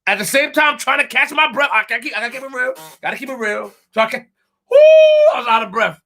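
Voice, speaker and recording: This live streamer's voice is extremely high, gravelly, pushed, and bright, and he talks fast. He delivers animated commentary emphatically, repeating himself and addressing his chat directly.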